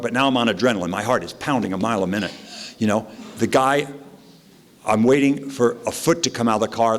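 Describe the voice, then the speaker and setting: A man speaking at an AA meeting, telling a loose, animated personal story with sound effects. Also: medium pitch, slight background noise. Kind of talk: recovery story told to a meeting.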